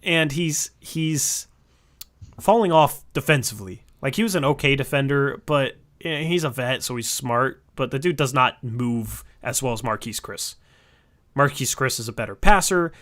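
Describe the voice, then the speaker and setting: A man co-hosting a casual sports podcast, arguing his opinions at length with quick asides. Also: medium pitch, expressive, fairly bright tone. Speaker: podcast co-host.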